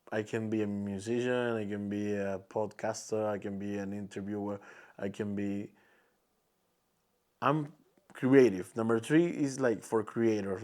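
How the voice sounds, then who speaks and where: A man's voice: lowish voice, a little mellow. A young man from Peru with a Peruvian Spanish accent, speaking English as a second language and hosting a casual solo podcast while searching for words with many restarts. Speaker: podcast host.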